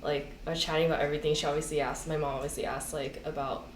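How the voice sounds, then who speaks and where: Young woman chatting on a podcast, kinda low voice, lots of "like", echoey room. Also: flat delivery, racing. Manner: chatty, lots of fillers, quotes friends. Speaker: podcast co-host. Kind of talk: casual chat. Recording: echoey room, faint noise.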